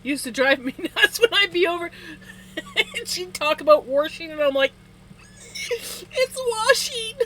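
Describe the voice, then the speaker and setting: Spinning wool on a livestream, a woman talks casually with her viewers and laughs frequently as she goes. She has a high, bright, forceful voice with lively intonation at normal speed; the streaming-setup audio is low quality with slight background noise.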